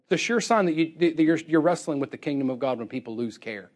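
High-voiced, animated male preacher. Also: quick pace. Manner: animated, acts out both sides of dialogue; laughs often while telling. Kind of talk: storytelling sermon.

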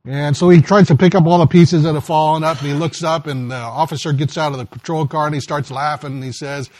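A man's voice: fairly high pitch, fairly even intonation, fast talker, hardly any pauses, darkish tone, no echo. A man preaching a sermon in a folksy storytelling way, acting out the voices in a joke. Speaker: pastor.

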